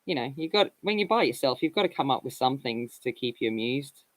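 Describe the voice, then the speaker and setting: A woman's voice: a bass voice, lively intonation, fairly quick, no echo, rough recording. A woman in her forties chatting casually as she hosts a colouring stream, telling rambling, candid stories and laughing often. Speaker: colouring livestream host. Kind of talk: casual chat.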